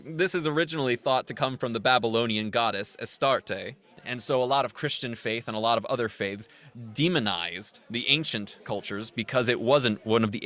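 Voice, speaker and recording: A man co-hosting a podcast, casually retelling a film's plot and acting out its characters' lines. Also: mid-range voice. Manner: animated recapping with acted-out quotes. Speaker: podcast co-host.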